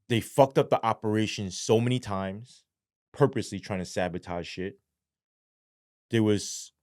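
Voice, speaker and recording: A man with a fairly low voice telling his story in an interview. He speaks bluntly and casually, swears often, and keeps checking in with "right?". The recording is close and dry. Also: a little mellow, clean tone, dry recording. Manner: blunt, heavy swearing, frequent "right?" asides. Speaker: podcast guest, former police sergeant.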